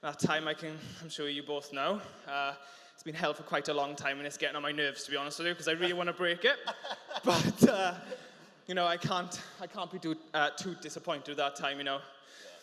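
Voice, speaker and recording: Young Welsh man, emotional and halting, bright voice, reverberant arena. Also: a little high, fairly even intonation. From South Wales. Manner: halting, with many restarts and fillers. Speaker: interviewed swimmer. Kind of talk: emotional poolside interview. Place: large indoor swimming arena.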